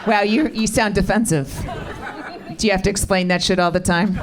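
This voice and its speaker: A woman's voice: medium pitch, steady tone, normal speed, a loud crowd, very noisy. Middle-aged woman, stand-up comedian, dry and profane, live club set, audience laughter. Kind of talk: stand-up set with crowd work.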